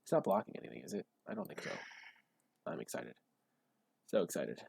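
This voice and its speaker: A man giving casual gameplay commentary while drafting cards, gushing and breaking into high excited shouts. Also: brisk, vocal fry, husky, dry recording. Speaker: card game drafting streamer.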